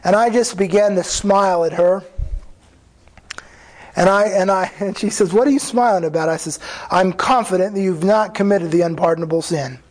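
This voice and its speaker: A man with a notably high voice delivers a sermon as a pastor. He speaks earnestly and conversationally, restarting phrases and voicing the words of others as he explains scripture. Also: normal speed, a little mellow, low-quality recording. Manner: earnest preaching with restarts and quoted dialogue.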